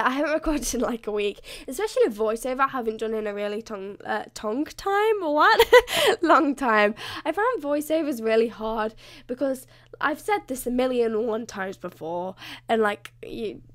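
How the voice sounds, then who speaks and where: Chatty young woman, higher voice. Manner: rambling, chatty and self-mocking, with frequent laughs. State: voice slightly hoarse. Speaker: gaming YouTuber. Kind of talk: casual voiceover over a building game.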